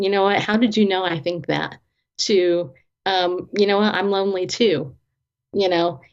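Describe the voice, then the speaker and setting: A woman who is a Christian therapist and author, guesting on an interview. She tells personal stories expressively, laughing often and acting out the dialogue. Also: medium pitch. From not from the American South. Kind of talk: animated personal storytelling. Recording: dull lo-fi audio.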